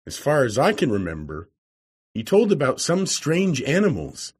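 A man voicing a skeptical young scientist friend in a read-aloud story, with a husky voice. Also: mid-range voice, wildly swooping pitch, normal speed.

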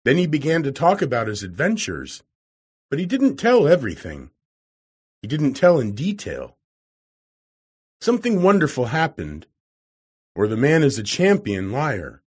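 Storybook: a wry middle-aged editor, voiced by the male narrator; husky, brisk, lively pitch. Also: heavily acted.

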